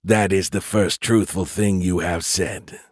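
A man voicing a slow, cold robotic AI. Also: steady tone, no echo, clean studio sound. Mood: cold, mechanical. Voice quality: mechanical, slow, low. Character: cold robotic male alien AI, menacing, flat.

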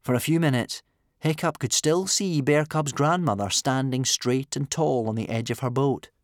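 A man narrating an adventure storybook with animated, dramatic delivery. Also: mid-range voice, moderate pace, dry recording, clean studio sound. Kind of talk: audiobook narration.

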